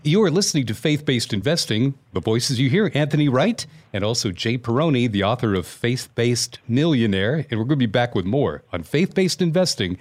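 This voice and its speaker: A man hosting a radio talk show in a friendly, relaxed way. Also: medium pitch, brisk, few pauses, dry recording. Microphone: studio microphone.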